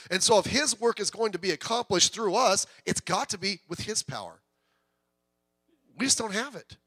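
A man's voice: sits high, a bit bright, dry recording. A middle-aged man preaching a sermon in a conversational, joking way that swells into bursts of intensity. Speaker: pastor.

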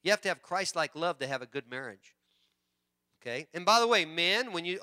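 Animated high-voiced man preaching a sermon. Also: fairly quick. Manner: animated, joking with the congregation. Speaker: pastor. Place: church sanctuary.

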